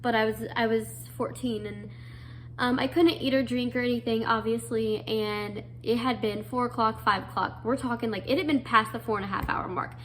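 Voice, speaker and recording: A young woman with a slightly high voice tells a personal story. She is earnest and emotional, and she often restarts with fillers. A faint noise sits underneath. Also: steady tone, normal speed. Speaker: guest telling her story.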